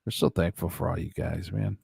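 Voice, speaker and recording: A man's voice: sits low, fairly even intonation, a little fast, vocal fry, a little mellow, husky, no room sound, clean studio sound. A man hosting a casual live stream, reading chat aloud, joking and laughing often. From United States. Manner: laughs often, jokey, plays silly voices for chat.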